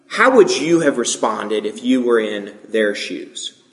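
A man's voice: medium pitch, takes it slowly. Man preaching casually in an echoey room. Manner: relaxed, informal, asks the listeners questions. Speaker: pastor. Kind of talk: conversational sermon.

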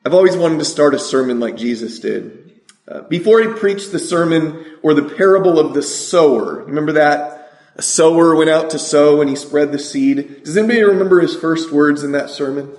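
Middle-aged male preacher, lively sermon delivery, high-pitched, reverberant sanctuary sound. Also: moderate pace. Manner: energetic preaching, asks the congregation questions.

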